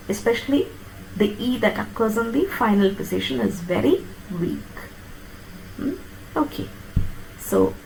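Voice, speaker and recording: A woman lecturing on phonetics, explaining step by step and checking that her students follow with quick tag questions. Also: fairly high pitch, vocal fry, a little hiss or hum, rough recording. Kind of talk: classroom lecture on pronunciation.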